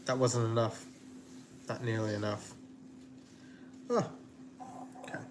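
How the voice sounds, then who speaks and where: A man's voice: medium pitch, fairly even intonation, takes it slowly, noisy background. A man hosting a casual cooking livestream from his home kitchen, rambling and chatty with lots of fillers. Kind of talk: casual live-stream chat.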